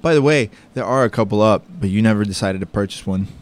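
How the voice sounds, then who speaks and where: A man's voice: lowish voice, fast talker. A man co-hosting a podcast in casual chat, joking with his co-host and cheerfully plugging the show. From Florida, USA. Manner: joking, upbeat plugs for the show.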